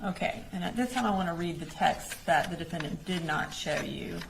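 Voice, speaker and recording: A woman's voice: on the low side, a little fast, vocal fry, noisy background. A woman prosecutor in a courtroom, questioning a witness methodically and formally.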